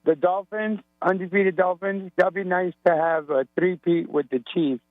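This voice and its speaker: A man's voice: high voice, steady tone, moderate pace, no room sound. A man calling in to a sports radio show, hungover, rambling and joking. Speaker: radio caller. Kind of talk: casual phone call to radio show. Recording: tinny phone line with hum.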